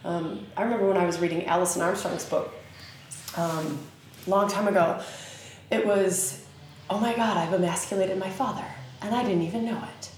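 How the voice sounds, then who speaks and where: A woman with a Southern US accent hosting a podcast, teaching in a casual, animated way with many fillers. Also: fairly low pitch, moderate pace, slight background noise. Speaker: podcast host. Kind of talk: casual spoken teaching monologue. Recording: very echoey room with faint ambience.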